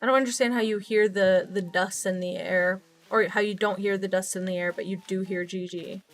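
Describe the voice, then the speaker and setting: A woman's voice: mid-range voice, fairly even intonation, a little fast, faint music behind. A young woman streaming from her desk at home, chatting casually with viewers and thinking aloud as she plays. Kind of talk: casual chat while playing a game.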